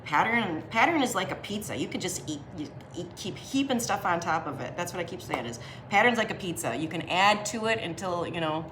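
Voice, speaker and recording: A young woman talks through a drawing lesson while she sketches, chatty and full of slang. Her voice sits a little low for a woman. There is a faint hiss of noise under the recording. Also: expressive, fairly quick, few pauses, fairly bright tone, echoey room. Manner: slangy and chatty, laughs often. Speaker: drawing teacher.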